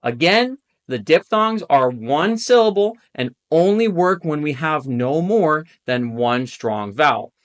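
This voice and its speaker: A young man with a somewhat high voice teaches Spanish pronunciation to fellow English speakers. He explains each rule clearly and patiently, then drills the sounds by repeating them several times. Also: lively intonation, a little slow, few pauses. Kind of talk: instructional video lesson.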